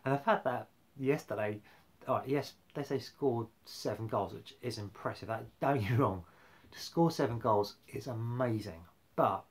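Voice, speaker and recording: A man's voice: medium pitch, moderate pace. Rambling man chatting about football. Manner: rambling, chatty, many fillers and restarts. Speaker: football fan vlogger. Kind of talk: casual live-stream football chat.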